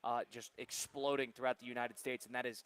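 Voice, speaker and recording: Quick-talking sports radio guy, bright upbeat voice, wrapping up a segment. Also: medium pitch, little pitch movement, smooth. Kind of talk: live sports talk radio.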